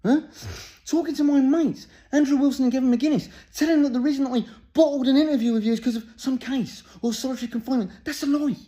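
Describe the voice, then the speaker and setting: A comedian doing an angry, swearing impression of an English public figure, with an English accent, ranting and barking "huh?" between lines. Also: male voice, extremely high pitch, steady tone, fast talker, dark tone.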